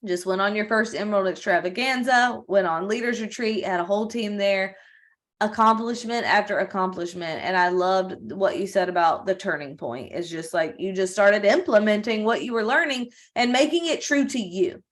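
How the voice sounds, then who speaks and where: A woman's voice: medium pitch, normal speed. A woman hosting a company video call, praising and encouraging a speaker in an effusive way.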